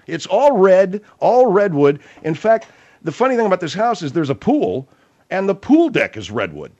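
Male talk radio host: exasperated, emphatic, animated delivery, slightly muffled sound. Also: high-pitched, normal speed.

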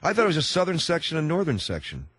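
A man's voice: a little high, huge pitch swings, fast, fairly bright tone, breathy edge, no room sound. A middle-aged man hosting a radio talk show, chatting with callers in a jokey, rambling way. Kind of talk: casual radio chat. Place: radio studio. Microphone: close studio mic.

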